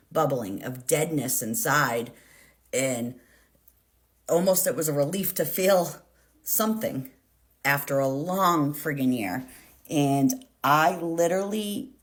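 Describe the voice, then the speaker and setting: A woman telling an intense personal story in a storytime vlog, dramatic and full of swearing. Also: low-pitched. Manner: intense, profane, dramatic retelling. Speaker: storyteller vlogger.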